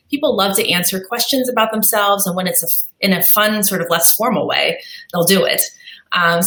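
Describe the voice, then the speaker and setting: A woman's voice: on the low side, a bit bright, echoey room, low-quality recording. A woman on a live marketing webinar, walking through slide examples in an upbeat way with a few fillers. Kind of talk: presenting tips on a live webinar.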